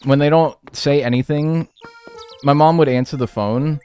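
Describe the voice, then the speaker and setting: With faint music behind him, the streamer speaks at a normal speed in a fairly high, fairly even voice that's clear, resonant, and a little mellow. The man, in his twenties, plays a game and reads chat, chatting profanely and casually with viewers, rambling and trailing off into mumbles.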